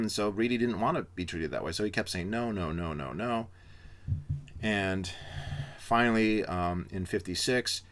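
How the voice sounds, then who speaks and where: A man's voice: fairly low pitch, fairly bright tone. A man giving a casual spoken book review, rambling with frequent fillers and restarts.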